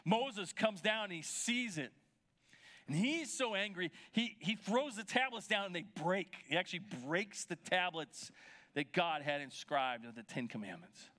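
Male pastor, bright and high-pitched, conversational sermon delivery that keeps checking in with the congregation. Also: lively intonation, measured pace. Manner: conversational retelling, checking in with listeners.

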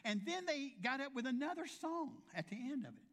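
A man preaching a sermon in a high-pitched voice. He tells homespun, funny stories and briefly acts out each person he quotes. His delivery is chatty and warm-humored. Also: sing-song, fairly quick. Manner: folksy storytelling with humorous asides. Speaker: pastor.

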